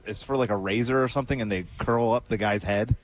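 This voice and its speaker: A man co-hosting a radio show, easygoing and quick to laugh in casual banter. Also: medium pitch. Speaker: radio co-host.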